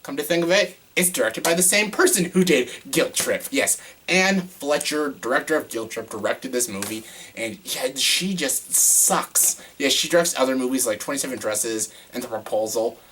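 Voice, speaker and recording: A man's voice: medium pitch, moderate pace, a bit bright, a little hiss or hum. A young man giving a casual movie review, exasperated and ranting, with lots of "like" and frequent swearing. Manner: exasperated ranting, heavy use of "like", swears often.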